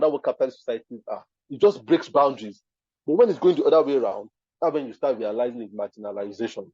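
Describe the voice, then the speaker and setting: Nigerian man, emphatic speaker, mellow husky tone, dry dull lo-fi recording. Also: mid-range voice, no room sound. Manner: emphatic, keeps asking "you understand?". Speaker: speaker at a design event. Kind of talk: live talk to an audience.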